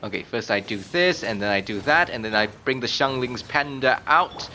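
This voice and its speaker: A man commentating live on his own gameplay, chatting casually and bursting into loud screams and laughs at the game. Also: mid-range voice, moderate pace, slight background noise. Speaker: game streamer.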